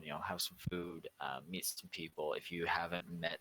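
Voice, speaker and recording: A man hosting a roleplay server's community meeting, rambling and halting with lots of fillers. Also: sits low, little pitch movement, pushed and bright, poor audio. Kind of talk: casual community meeting talk.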